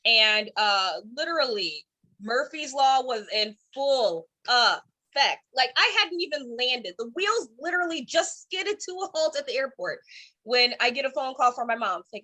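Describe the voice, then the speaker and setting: A woman comedian in her thirties from Cleveland, telling stand-up stories online with animated voiced quotes. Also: on the high side, normal speed. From Cleveland, Ohio. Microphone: streaming from home.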